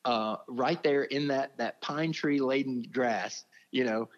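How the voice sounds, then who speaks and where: A man with a drawl tells ministry stories in an earnest, feeling way, often dropping in "man" as he talks. His voice sits at an ordinary middle pitch. The audio is muffled and lo-fi. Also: takes it slowly, big-room sound. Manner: heartfelt, speaks with feeling, says "man" often. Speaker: ministry leader, interview guest. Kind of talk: earnest conversational storytelling. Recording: dull lo-fi audio.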